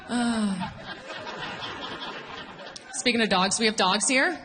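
A woman performing a stand-up comedy set on stage to a live audience, animated, with quick asides and laughs at her own jokes. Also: sits high, big-room sound.

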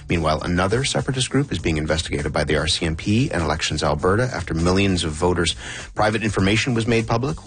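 Deep-voiced male radio news host. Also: fairly bright tone. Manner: measured, composed delivery. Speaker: radio current affairs host. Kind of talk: news radio presenting and interviewing. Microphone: studio microphone.

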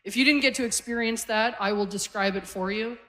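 A woman's voice: fairly high pitch, brisk, a bit bright, in a large hall. A woman in her forties from Canada doing a stand-up set, chatty and self-deprecating, often laughing through her lines. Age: 40s. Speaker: stand-up comedian. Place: comedy stage before a live audience.

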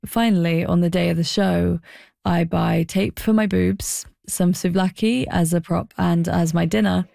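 A young woman tells her own story in a wry, self-deprecating documentary voice. Her tone is mellow and gravelly, pitched a little low, with soft music beneath. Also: steady tone, measured pace, no echo. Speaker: documentary narrator. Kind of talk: personal documentary narration.

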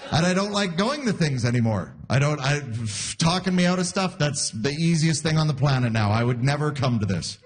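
A man in his forties performing a self-deprecating stand-up set live, acting out voices in quotes. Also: fairly high pitch. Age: 40s. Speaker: stand-up comedian. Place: live comedy venue before an audience. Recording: live audience laughter behind.

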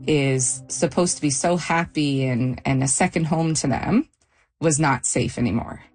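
A middle-aged woman retelling a frightening night in a halting, shaken interview. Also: sits low, darkish tone, faint music behind. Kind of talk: personal testimony interview.

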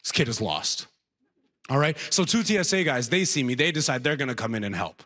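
A man telling a stand-up comedy story, animated and chuckling at his own jokes. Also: brisk. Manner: animated, swings from high to low for punchlines.

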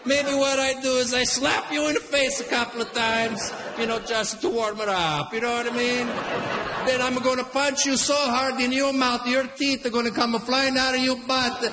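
A man's voice: extremely high pitch, steady tone, normal speed, echoey room, background noise, voice pushed up. A man voicing a hot-tempered older Italian immigrant father who speaks broken English with a heavy accent and makes theatrical mock threats. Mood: blustering.

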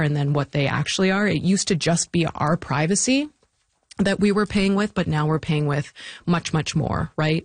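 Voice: medium pitch, gravelly, no echo. A guest in a conversational interview who talks thoughtfully and animatedly, with restarts and short laughs, into a close microphone. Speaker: interview guest, technology policy commentator.

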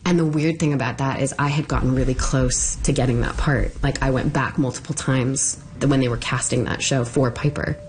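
Low-voiced woman telling her story. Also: steady tone. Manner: casual, halting, many fillers. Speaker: interviewee. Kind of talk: personal storytelling.

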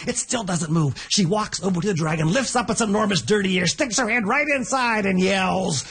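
A man reading a children's story aloud in an expressive, playful, sing-song way. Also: sits high, fairly quick, heavy background noise.

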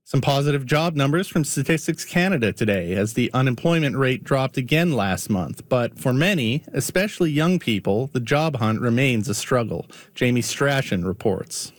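A man reading a radio news bulletin in a steady, formal way at a studio microphone. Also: medium pitch, normal speed, few pauses, no room sound. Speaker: newsreader.

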